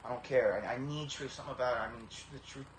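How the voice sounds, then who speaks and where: A man in his thirties giving an emotional personal testimony, halting and earnest with many repeated starts, close to tears. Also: mid-range voice. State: tearful, emotional. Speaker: vlogger. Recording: echoey room with faint background hiss.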